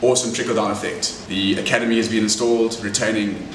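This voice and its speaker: A man's voice: on the low side, level tone, fast talker, fairly bright tone. Male pundit, punchy clipped delivery, roomy distant sound with faint noise. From South Africa. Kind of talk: opinion piece to camera. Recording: echoey room, distant mic.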